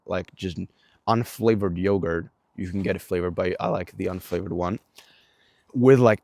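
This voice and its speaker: A man's voice: low voice, darkish tone, no room sound. A young man with a Swedish accent talks through his day in a casual vlog, rambling with many fillers and restarts, and swears often. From Sweden. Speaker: vlogger.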